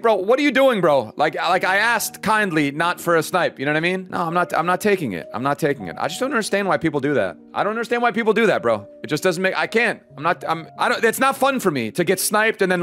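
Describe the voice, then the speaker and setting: A young man giving lively, excitable commentary as he plays a football video game, talking straight to his viewers and venting when things go wrong. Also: on the high side. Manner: animated, talks to viewers, frustrated outbursts. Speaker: gaming YouTuber.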